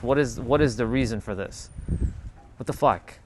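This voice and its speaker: A man telling a casual, animated story in a monologue, swearing freely and acting out the people in it with quoted voices. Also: medium pitch, moderate pace, background noise. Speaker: spiritual talk host.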